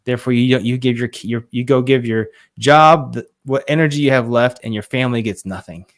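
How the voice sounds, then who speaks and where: A man in his thirties speaks as a podcast guest, earnest and emphatic as he recounts a story. His voice sits at a middle pitch. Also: brisk. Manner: earnest, emphatic, quotes others in dialogue. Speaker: guest, fatherhood coach.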